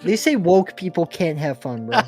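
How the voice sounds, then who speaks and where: A podcast co-host with a mid-range voice riffs in deadpan irony and teases the guest. Light music plays faintly underneath. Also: medium pitch, normal speed. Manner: ironic, teasing, deadpan trolling. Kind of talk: casual podcast banter.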